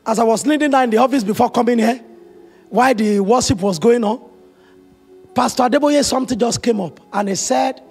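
A man preaching a sermon as pastor, telling stories with emotional, animated quoted dialogue. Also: extremely high pitch, a little fast, slightly rough, soft background music.

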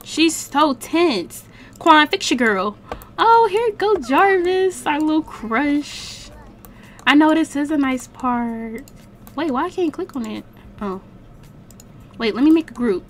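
A chatty young woman with a fairly high voice gives casual let's-play commentary, talking to viewers and the on-screen characters. She uses slang and animated exclamations. A faint hiss of noise sits under her voice. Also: measured pace. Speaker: gaming streamer.

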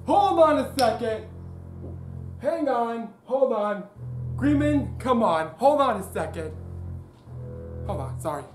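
A woman hosting a homemade puppet show, chatting with her puppets in an excited, chatty way. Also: on the high side, slow, long pauses. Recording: echoey room with music behind.

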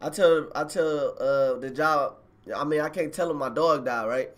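At home on his phone, a live streamer tells his viewers a rambling personal story, chatting directly to them in slangy, casual language. His voice is on the high side and fairly bright, at a moderate pace.

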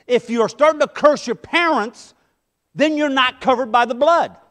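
A middle-aged man preaching a sermon as pastor, impassioned, swinging between loud emphasis and hushed asides. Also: very high-pitched, moderate pace.

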